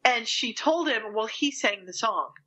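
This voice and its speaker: A woman co-hosting a podcast, telling an animated anecdote in casual chat. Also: on the high side, measured pace, muffled recording. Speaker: podcast co-host.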